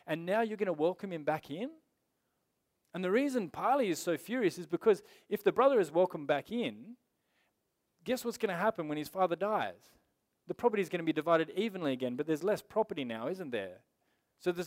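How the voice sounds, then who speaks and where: Man, pastor, sermon, conversational and emphatic, fairly high voice.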